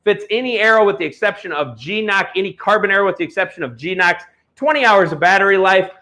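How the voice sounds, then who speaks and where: High, bright-voiced heated male auction host. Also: fast. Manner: heated, blunt, salesy. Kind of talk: live-stream product pitch with ranting.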